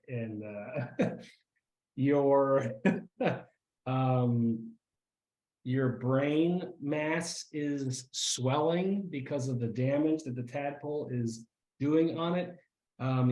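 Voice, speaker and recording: Male game master for a tabletop session, unhurried delivery, stops and starts with laughter, echoey room. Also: medium pitch, darkish tone. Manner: halting, often breaks into laughter.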